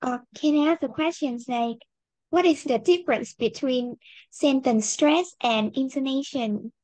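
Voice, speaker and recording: A woman practicing English pronunciation in a lesson, repeating each word after her tutor. Her voice sits a little high, and now and then she puts in a short question. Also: a little slow, darkish tone, dry recording. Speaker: student.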